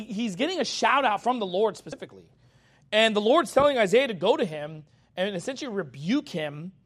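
A man with a notably high-pitched voice delivers a verse-by-verse sermon as a pastor. His talk stays casual, with frequent "okay?" check-ins. When he reads scripture, he slows down and lifts his voice. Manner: conversational, often checks in with the congregation; reads scripture in a slower, raised voice. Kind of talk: expository sermon.

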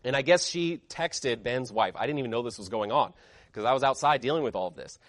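A man's voice: mid-range voice, lively intonation, a little fast, fairly bright tone, dry recording. A man preaching a sermon as pastor, emphatic and fiery, firing off rhetorical questions.

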